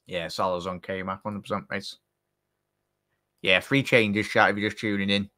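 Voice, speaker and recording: Excitable man hosting a football watchalong. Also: on the low side, moderate pace. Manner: excitable, chatty, addresses chat directly. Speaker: watchalong host. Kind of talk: live football watchalong commentary.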